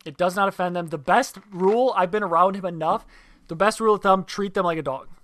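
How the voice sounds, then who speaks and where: A man's voice: high voice, fast talker, fairly bright tone, dry recording. A man co-hosting a podcast, telling rambling, crude anecdotes with swearing. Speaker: podcast co-host. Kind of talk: casual crude storytelling chat.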